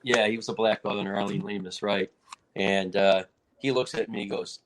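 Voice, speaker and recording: Speaking at normal speed with a fairly low pitch, this American man, president of a martial arts federation, shares a fight story as an interviewee. He's lively and casual, performing the quotes loudly.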